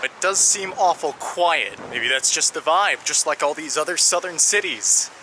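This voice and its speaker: A travel vlogger with a slightly high, expressive voice narrates his way around a city at a moderate pace, explaining things with touches of dry humor. Loud music plays behind him, and the outdoor street recording is noisy.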